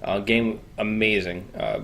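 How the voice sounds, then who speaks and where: A man with a lowish, grounded voice talks through his gaming opinions on a casual podcast. He rambles easily, filling pauses with "uh" and starting his sentences over. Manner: relaxed, rambling, lots of "uh" and repeats. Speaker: podcast co-host.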